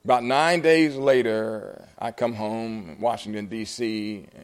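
An older man, an author at a live book event, telling a story animatedly and acting out the conversations in it, at times jumping up high in surprise and at times dropping soft. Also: steady tone, unhurried. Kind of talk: storytelling talk.

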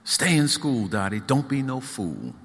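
A small, playful soul singer with a Southern drawl, as a man puts him on at a reading. He talks in a gruff, bright tone and hands out blunt advice. The voice rings out with a long hall echo. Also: medium pitch, very animated, a little slow, full character voice. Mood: teasing advice. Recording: echoey hall.

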